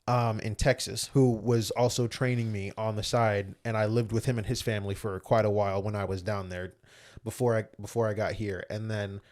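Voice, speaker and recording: A man's voice: lowish voice, moderate pace. A young adult man, a former Olympic athlete, chatting as a guest and telling stories animatedly. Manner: animated, acts out other people's voices. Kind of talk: casual storytelling chat.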